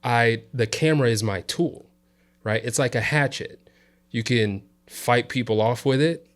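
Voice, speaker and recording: A man from the South Side of Chicago, a guest on an interview show, telling a work story in a relaxed way and checking in with "you know" and "right?". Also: mid-range voice, unhurried. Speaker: interview guest, videographer and coach. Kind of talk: casual storytelling chat.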